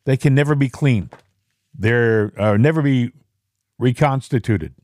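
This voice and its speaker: A man's voice: medium pitch, measured pace, a little mellow, no room sound. A man hosting a political talk show, speaking in an indignant, rambling way. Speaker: podcast host.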